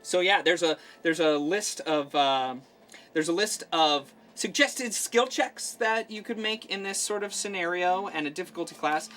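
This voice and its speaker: A man's voice: high voice, moderate pace, pushed and bright, a little hiss or hum. Upbeat man reading game text. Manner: reads text aloud, upbeat. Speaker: game master. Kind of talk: casual game narration.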